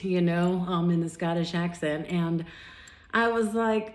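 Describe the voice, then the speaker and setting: A woman's voice: fairly low pitch, a little slow, a little mellow, echoey room. A woman vlogger casually recounting a recent date, acting out both sides of the conversation with lots of fillers and restarts. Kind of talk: casual storytelling monologue.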